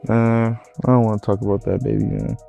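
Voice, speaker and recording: A man's voice: fairly low pitch, level tone, fairly quick, creaky, mellow, highs cut off, soft background music. A man as interview guest, evasive and laid-back. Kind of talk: casual interview.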